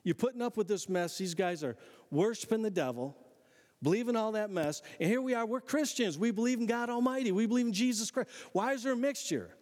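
A man's voice: high voice, animated, takes it slowly, few pauses, fairly bright tone, big-room sound, voice pushed up, full character voice. A man voicing a bold, defiant male prophet who taunts his rivals in a raised, commanding voice.

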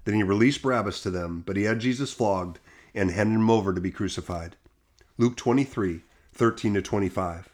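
Man, scripture reading, steady, measured, plain reading voice. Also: lowish voice. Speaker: scripture reader. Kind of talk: Bible reading.

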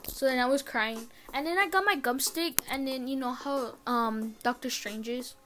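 A woman's voice: high-pitched, normal speed, a bit bright, a little hiss or hum. A teenage girl chatting alone on her podcast from her bedroom, rambling and swearing casually. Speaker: podcast host. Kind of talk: casual solo podcast chat.

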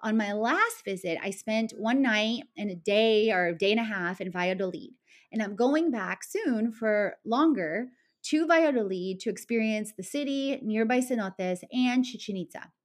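A woman's voice: on the high side, moderate pace. A woman travel vlogger running through a numbered list of trips in an upbeat, enthusiastic way, now and then correcting herself. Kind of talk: travel list vlog narration.

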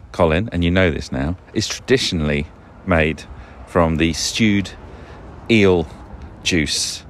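A man hosting a casual solo podcast, rambling and wry, often breaking off and restarting his sentences. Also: sits low. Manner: rambling, self-interrupting, wry. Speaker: podcast host. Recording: noisy background.

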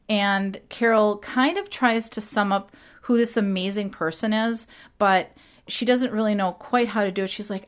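Animated woman retelling a sitcom plot. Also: medium pitch, clear, resonant tone. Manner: animated retelling with quick impressions. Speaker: podcast host. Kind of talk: casual storytelling.

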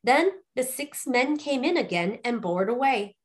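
A woman storyteller reading a ghost fairy tale aloud in an expressive, lively way. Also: a little high, moderate pace.

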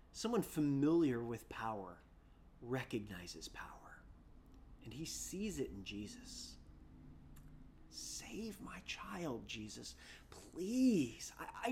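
A preacher telling a story in a sermon, repeating words as they restart sentences and swinging from loud bursts down to hushed whispers. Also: mid-range voice, a little hiss or hum. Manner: frequent repeated word restarts.

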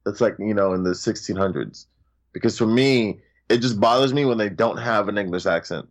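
Blunt, slangy male movie reviewer. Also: fairly low pitch. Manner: blunt, slangy, quick asides. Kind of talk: casual movie review chat.

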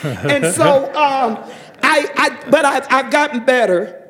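A man giving a fervent testimony to a church congregation, telling a story and breaking into shouted praise. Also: extremely high pitch, very animated, slow.

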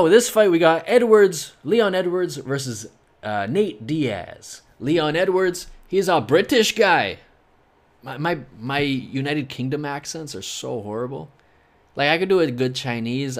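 A man talks through fight picks on his solo podcast, drifting into jokes and side remarks. His voice sits at an ordinary middle pitch, and he fills his sentences with loose, easygoing fillers. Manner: rambling, joking, heavy on "you know" fillers. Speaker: podcast host.

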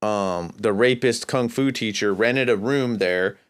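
A man's voice: on the low side, a little slow, smooth. A man from California hosting a podcast, telling a long, rambling, profane story in a casual, laid-back way. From California, USA. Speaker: podcast host.

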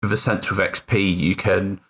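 A man's voice: sits low, flat delivery, normal speed, a bit bright. A man co-hosting a tabletop gaming podcast as a player, talking casually and hesitantly with frequent restarts and the odd swear.

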